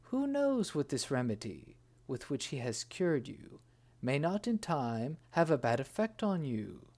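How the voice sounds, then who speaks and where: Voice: medium pitch, sing-song, unhurried, darkish tone. A reader voicing a scheming male grand vizier who urgently warns his king. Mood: urging.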